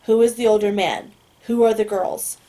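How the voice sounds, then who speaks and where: Detached male federal agent, interrogating, read by a woman narrator; clipped, flat delivery, mid-pitched, audiobook character. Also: normal speed, natural voice. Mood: impatient questioning.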